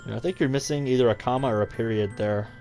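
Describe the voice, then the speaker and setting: A man's voice: mid-range voice, rapid-fire, darkish tone, soft background music. A man hosting a let's play, reading a visual novel aloud and reacting with exasperated asides.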